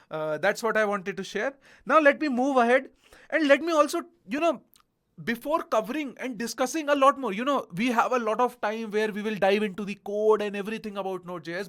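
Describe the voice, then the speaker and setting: A young man with a notably high voice explains programming concepts in a video lesson. He repeats key terms, reassures the viewer, and punctuates sentences with "okay?" and "right?". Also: a bit bright. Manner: repetitive, reassuring, checks in often with "okay?". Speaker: programming instructor.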